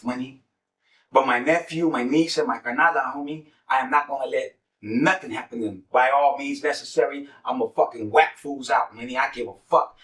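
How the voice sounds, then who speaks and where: A man's voice: mid-range voice, fairly bright tone, echoey room, far from the mic, rough recording. A man casually telling a street story as host, cursing freely and dropping streetwise slang. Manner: profane, streetwise slang, repeats "money" as a filler.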